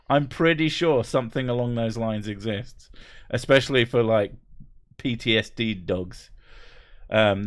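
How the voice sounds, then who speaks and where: A man in his thirties hosting a casual livestream from home, joking, swearing and laughing often as he reads out chat messages. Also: on the low side. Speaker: livestream host.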